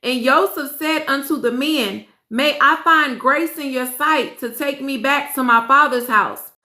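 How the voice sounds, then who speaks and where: In a roomy, echoing space, a woman with a high, sharp voice reads scripture aloud. She's earnest and emotional, breaking off now and then to react and chat casually with her listeners as host.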